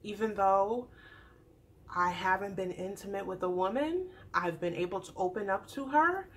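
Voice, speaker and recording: A young adult woman chatting through a casual TV recap, animated and acting out the people she describes. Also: mid-range voice, moderate pace, slight background noise. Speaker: YouTube TV recap host.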